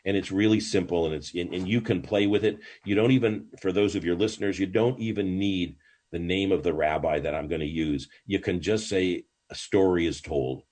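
An older man speaks with a deep, husky voice. He is a rabbi telling stories as a guest in an interview. His delivery is lively and swooping, full of restarts and asides. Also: brisk. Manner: animated, swooping storyteller with many false starts. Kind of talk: storytelling in a podcast interview.

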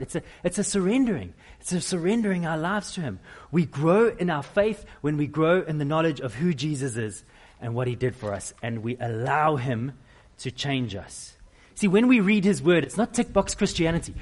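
A middle-aged man preaching a sermon, with animated, self-deprecating storytelling. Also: a little high. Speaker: pastor.

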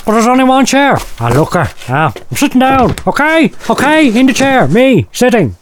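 A man's voice: very high-pitched, sing-song, normal speed, a little hiss or hum. A man playing an agitated foul-mouthed eccentric. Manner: agitated, swearing, rambling. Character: erratic, foul-mouthed man hearing voices. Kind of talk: comic audio drama.

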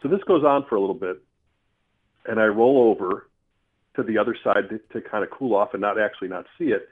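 Man, lowish voice, earthy and animated storyteller, heard over a tinny phone line. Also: fast. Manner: earthy, animated, with mild swearing. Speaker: storyteller guest. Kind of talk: casual spoken storytelling.

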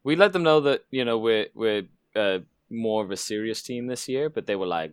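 A man's voice: fairly low pitch, expressive, a little fast, few pauses, smooth, no room sound. A man from Canada, a guest on a podcast, talking casually about his team with lots of restarts. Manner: rambling, many fillers and restarts. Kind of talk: casual chat.

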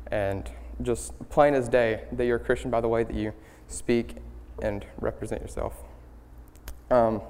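A young man giving a student-led sermon, earnest and halting, with many ums and restarts. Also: mid-range voice, darkish tone, clear, resonant tone. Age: young adult. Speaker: student speaker leading worship. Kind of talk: church sermon. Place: church sanctuary. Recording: hall reverb in a church.

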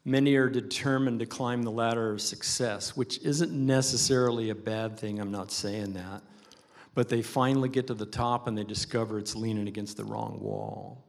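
A man's voice: fairly low pitch, animated, normal speed, vocal fry. A man preaching a sermon as pastor, earnest and emphatic, leaning on repetition.

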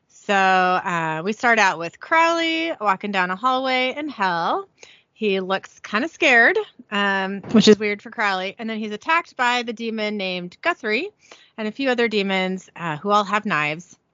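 A woman's voice: mid-range voice, animated, unhurried, bright, forceful tone, no room sound, highs cut off. A woman co-hosting a casual podcast, chatting with a giggly manner as she recaps a TV episode and reads out lines of dialogue. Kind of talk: casual chat. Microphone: headphones with a home mic.

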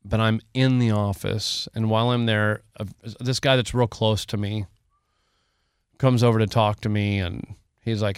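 A man's voice: lowish voice, flat delivery, normal speed, clean tone, no room sound, studio quality. A man co-hosting a podcast, telling a long story in casual chat, emotional and rambling, with frequent laughs. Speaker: podcast co-host.

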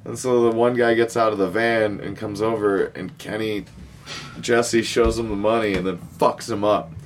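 A man in casual podcast chat, telling a plot recap in an animated, profane way. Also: lowish voice, moderate pace, a little hiss or hum.

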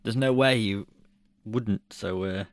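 A man's voice: lowish voice, slow pace, dry recording, studio quality. A man co-hosting a podcast in casual chat, laughing often and swearing loosely. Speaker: podcast co-host.

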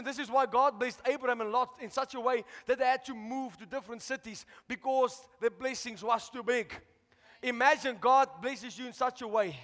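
High-voiced pastor preaching. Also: male voice. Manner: preaching with rising shouts and call-outs to the congregation. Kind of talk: sermon. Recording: long hall reverb.

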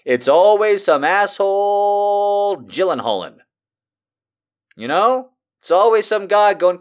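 Brief: male streamer, lively swooping delivery, earnest pep talk turning into loud jokey rants. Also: sits high, moderate pace. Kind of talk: casual live-stream chat and reading aloud.

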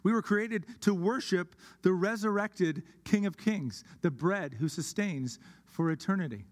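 A man preaching a sermon as pastor of a church, earnest, slowing down on key words for emphasis. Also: sits high. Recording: long hall reverb.

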